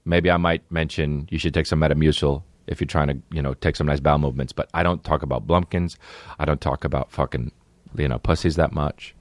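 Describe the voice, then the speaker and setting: A man with a rumbling low voice and fairly even intonation hosts his own podcast, talking briskly with no room sound. He rambles through a monologue, cursing casually and jumping into mocking put-on voices.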